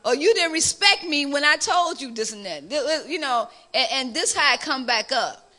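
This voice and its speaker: A middle-aged woman with a Chicago accent, the pastor's wife, answering questions in a lively, animated way in a church discussion. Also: high-pitched, moderate pace. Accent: Chicago African American English. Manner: lively, animated storytelling with laughter.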